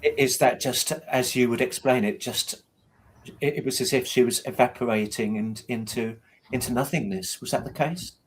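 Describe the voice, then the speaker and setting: A man hosts a podcast and puts follow-up questions to his guest. His pitch sits in an ordinary middle range. He stumbles and restarts partway through his questions. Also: moderate pace, slightly rough, low-quality recording. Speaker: podcast host. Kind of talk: interview questions.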